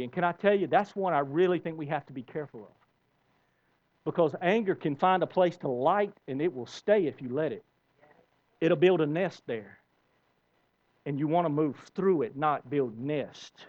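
A man's voice: a little high, a little mellow, lo-fi sound. A man preaching a sermon as pastor, emphatic, with rising bursts and repeated words.

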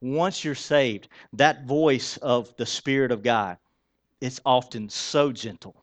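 Preaching slowly in a medium pitch, a male pastor keeps his sermon conversational. He asks the congregation rhetorical questions and shifts from quiet to loud to drive points home.

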